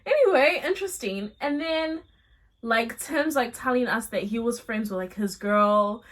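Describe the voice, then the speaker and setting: A young adult woman vlogger casually telling a storytime tale, chatty and animated, with slangy asides. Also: fairly high pitch, unhurried.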